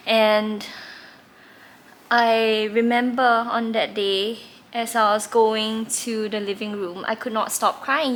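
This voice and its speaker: A woman's voice: mid-range voice, sharp tone, slight background noise. A woman, candidly telling a personal story in a reflective way, with occasional laughs. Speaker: tarot reader recounting her past.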